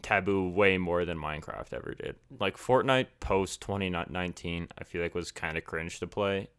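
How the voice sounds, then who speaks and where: A young man co-hosting a podcast in casual chat, teasing his friend and trailing off low at the ends of lines. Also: moderate pace, fairly bright tone, clear, resonant tone. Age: young adult. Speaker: podcast co-host.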